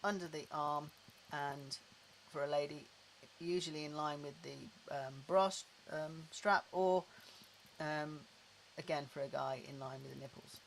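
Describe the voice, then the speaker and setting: Middle-aged guy leading a slow tapping and breathing routine, kinda higher voice, faint background hum. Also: vocal fry, poor audio. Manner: slow, calm, repetitive guiding. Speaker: tapping practitioner. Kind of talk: guided tapping and breathing instruction. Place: indoors at a desk, on a boat.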